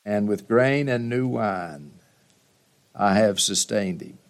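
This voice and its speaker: A male preacher voicing an old blind father who speaks slowly and heavily, resigned. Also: fairly low pitch. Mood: sorrowful.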